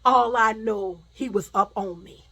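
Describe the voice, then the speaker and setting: A woman's voice: on the high side, a little slow, slightly rough, poor audio. A woman telling a story about her own past in a casual storytime vlog, swearing freely and acting out the other voices. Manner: animated, swears freely, acts out voices, drops to a hush for scary parts.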